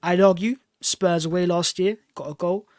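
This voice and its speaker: A man's voice: high voice, steady tone, a little mellow, no echo, clean studio sound. A man co-hosting a fan podcast, chatty and leading the segment. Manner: quick, chatty, leads the segment. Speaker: podcast co-host. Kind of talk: casual football chat.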